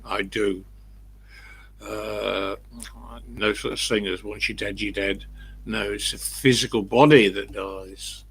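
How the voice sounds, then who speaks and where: A man's voice: on the low side, fairly even intonation, slow pace, gravelly, fairly bright tone, breathy edge, rough recording. An older man chatting casually and bluntly with livestream viewers, rambling through anecdotes. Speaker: livestream host.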